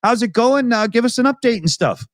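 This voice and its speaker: A man hosting a live roundtable stream, brisk and friendly as he reads donations. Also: very high-pitched, animated, no echo. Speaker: host.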